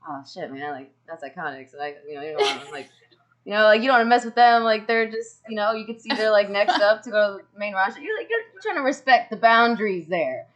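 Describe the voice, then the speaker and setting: A woman's voice: medium pitch, fast talker. A woman hosting a casual video call from home, telling stories with laughs and the odd swear. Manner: animated storytelling with laughs and swearing. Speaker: streamer host. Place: home room with cats. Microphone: home streaming mic on a video call.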